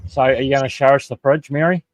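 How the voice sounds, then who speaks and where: A man on a casual livestream panel jokes and mocks the others, often turning to speak to the chat. His voice has a middle pitch and a dry, close sound. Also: fairly even intonation, fast talker, no room sound. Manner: joking, mocking, addresses the chat. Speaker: panel guest.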